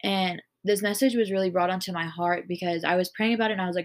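A woman's voice: lowish voice, fairly even intonation, fast, hardly any pauses. A woman hosting a casual faith podcast, talking earnestly and rambling, with lots of "like". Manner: earnest, rambling, heavy use of "like". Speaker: podcast host.

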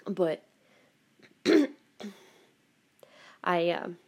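Hosting her own podcast, a woman with a lowish voice talks in a flat delivery, drawing out her words. It's a casual personal monologue recorded at home, rambling, with frequent laughter and some swearing.

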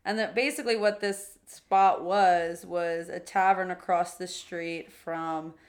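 A young American woman co-hosting a casual podcast, chatty and quick to laugh, often restarting her sentences. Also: lowish voice, steady tone. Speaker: podcast co-host. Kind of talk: casual chat.

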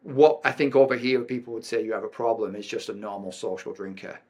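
A man's voice: lowish voice, fast, darkish tone, slightly rough. A middle-aged man with an English accent, a podcast guest telling a personal story frankly, with frequent ums and restarts. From England. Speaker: podcast guest, performance coach.

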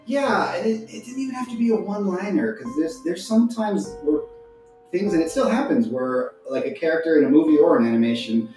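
A man's voice: on the high side, a little fast, echoey room, faint music behind, poor audio. A man who is a voice actor, chatting casually as a podcast guest and slipping into character voices. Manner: animated, slips into character voices.

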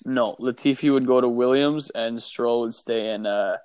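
A man's voice: medium pitch, fairly even intonation, normal speed, a little mellow, clean tone, dry recording. A young man from Canada, co-hosting a podcast with crude, sarcastic banter and frequent laughs. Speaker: podcast co-host. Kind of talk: casual chat.

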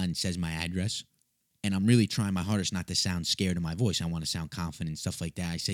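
A young man telling a funny story in a casual, animated way, swearing and mocking himself. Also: low-pitched, fairly quick, no room sound, studio quality.

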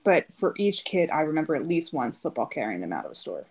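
Woman in her thirties, podcast co-host, gravelly lowish voice with a husky edge, chatty storyteller. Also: very animated, quick pace, a little mellow, rough recording. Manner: chatty storytelling, acts out quotes. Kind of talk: casual chat.

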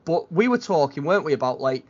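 A man's voice: fairly high pitch, very animated, fast talker, slightly rough. A man hosting a running podcast, chatting casually and rambling with many restarts. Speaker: podcast host. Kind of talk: casual chat. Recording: dull lo-fi sound.

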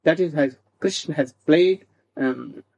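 A man telling a devotional story slowly, with halting restarts and asides asking "hmm?". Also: a little high, gravelly, a little mellow, husky, dull audio.

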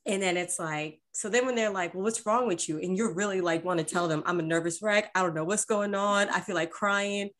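A woman's voice: medium pitch, a little fast, hardly any pauses, a bit bright. A woman in casual chat, telling a story animatedly and acting out quoted voices.

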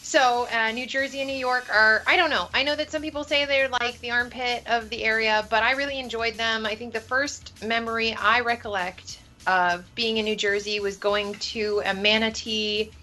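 A woman chats on an online show in a bright, sharp voice that sits fairly high. She sounds eager and upbeat, with plenty of ums and likes. Light music plays behind her. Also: steady tone, normal speed, hardly any pauses. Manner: upbeat, eager, filler-heavy. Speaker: podcast co-host. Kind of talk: casual chat.

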